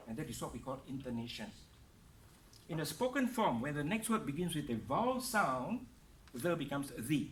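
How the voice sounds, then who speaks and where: Slow, deliberate man coaching pronunciation. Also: fairly high pitch, sing-song, a bit bright, echoey room. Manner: slow, deliberate, stresses each word. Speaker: speaking coach. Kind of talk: pronunciation lesson speech. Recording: distant mic with faint room noise.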